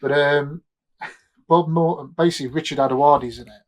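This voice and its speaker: A man's voice: a little high, fairly even intonation, normal speed. A man co-hosting a podcast in casual chat, rambling through anecdotes and trailing off mid-sentence. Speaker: podcast co-host.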